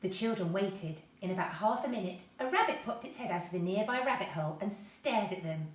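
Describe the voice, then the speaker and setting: A woman reading a children's story aloud, lively and expressive. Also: mid-range voice, fairly quick. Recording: echoey room, mic at a distance.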